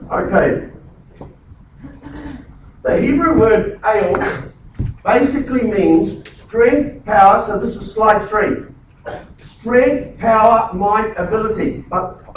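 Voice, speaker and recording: High-voiced preacher in an echoey hall. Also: male voice, recorded from a distance, a little hiss or hum. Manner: emphatic, repeats words, stumbles and restarts. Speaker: pastor. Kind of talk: sermon. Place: church.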